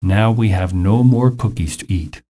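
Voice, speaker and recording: A man's voice: fairly low pitch, measured pace, dark tone, lightly acted. A man reading as a cookie-loving storybook toad. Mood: sad. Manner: wheedling, then sad. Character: greedy, gloomy male toad, storybook.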